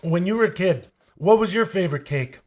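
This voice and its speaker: A man doing a mumbling boorish action star. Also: high-pitched. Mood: deadpan. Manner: slow, mumbling, deadpan and boorish. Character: crude, oblivious middle-aged male martial-arts action star. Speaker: interviewer. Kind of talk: improvised comedy impression.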